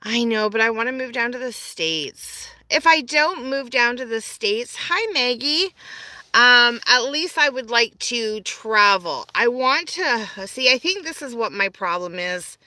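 A woman's voice: fairly high pitch, expressive, measured pace, bright, forceful tone, no echo. A woman from Canada, chatting on a live stream from her phone, greeting viewers and answering their comments. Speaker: vlogger.

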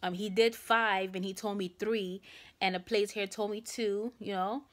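A woman's voice: medium pitch, steady tone, measured pace, a bit bright. A young woman vlogging to camera, telling a rambling story and speaking with a sore jaw that makes talking hard. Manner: chatty, rambling, addresses viewers as guys. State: sore jaw, trouble opening mouth.

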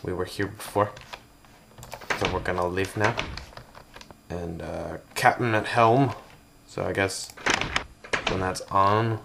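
A man's voice: deep voice, steady tone, slow pace, vocal fry, pauses often, background noise. A man casually touring a game build, rambling and joking with goofy asides. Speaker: gameplay video host.

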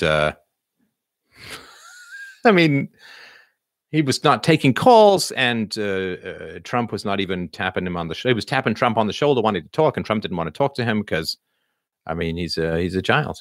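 Male livestream host, lowish voice, dry recording, off-the-cuff Q&A, filler-heavy. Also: fairly bright tone, no room sound. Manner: thinking aloud with many fillers, reading comments in a lifted voice. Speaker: livestream host answering viewer questions. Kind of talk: casual livestream Q&A.

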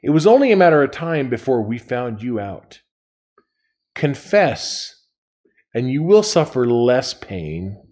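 A menacing teacher who is really a winged monster, her voice pitched higher and threatening, as a male reader puts her on. She speaks like a storybook villain, cold and sinister. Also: big pitch swings, measured pace, warm tone.

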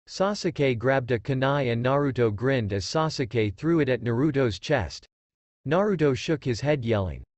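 A man narrating a fan fiction story in a steady storytelling read. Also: mid-range voice, no room sound. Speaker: story reader.

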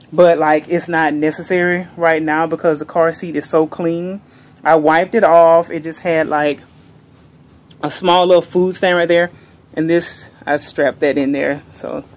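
A young woman vlogger gushing excitedly in casual chat, saying y'all a lot. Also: on the low side.

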